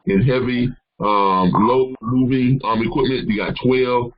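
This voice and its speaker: A man's voice: medium pitch, fairly even intonation, a little slow, dull audio. A man hosting a live question-and-answer call, giving casual advice in a rambling way with many fillers and restarts. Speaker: host answering caller questions.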